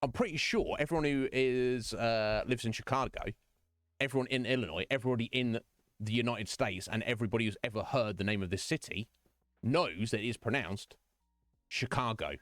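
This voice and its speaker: A man's voice: mid-range voice, brisk, fairly bright tone, no room sound, studio quality. A British man streaming and chatting casually, rambling through anecdotes with lots of asides. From Britain. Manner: rambling storytelling with quoted voices and laughs. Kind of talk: casual chat.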